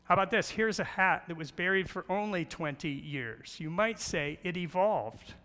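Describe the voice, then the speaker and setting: Bright-voiced man preaching in a hall. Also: high-pitched, lively intonation, normal speed. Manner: playful, storytelling with jokes and rhetorical questions. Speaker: guest speaker on creation. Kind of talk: church presentation with slides. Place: large church hall. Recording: long hall reverb.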